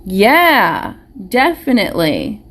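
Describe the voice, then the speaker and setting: A woman's voice: medium pitch, big pitch swings, slow, a bit bright. A woman teacher giving a live online phonics lesson to young children, patient and encouraging, asking them question after question.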